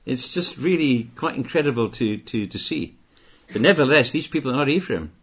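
A man's voice: mid-range voice, lively intonation, brisk, husky. An older man preaching a sermon, stressing key points by repeating phrases and raising his voice on them. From Britain. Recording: dull lo-fi recording.

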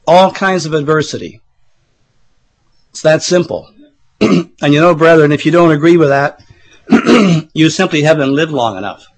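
A middle-aged man preaching a sermon while losing his voice, often clearing his throat, with chatty asides to the congregation. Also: a little high, expressive, normal speed, rough recording. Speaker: pastor.

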